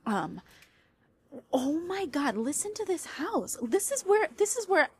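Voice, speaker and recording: A woman's voice: very high-pitched, very animated, a little slow, darkish tone, a little hiss or hum. A young woman hosting a casual podcast at home, rambling on with lots of fillers and restarts into a small clip-on mic. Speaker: podcast host. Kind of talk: casual solo podcast chat. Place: at home, washer running nearby. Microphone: small clip-on mini microphone.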